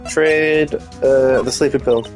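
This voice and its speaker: A young man chats loosely while playing a game, full of "like" and "you know" and liberal swearing. His voice sits at an everyday male pitch, and his commentary is rambling and offhand. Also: steady tone, slow, faint music behind. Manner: rambling, swears freely, many fillers. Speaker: streamer. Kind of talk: casual gaming commentary.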